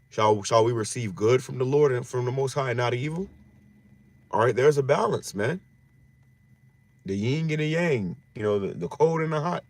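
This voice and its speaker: A man's voice: medium pitch, a little mellow, no room sound. A man giving an informal scripture teaching in slangy street talk, often repeating phrases and restarting his words. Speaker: religious teacher.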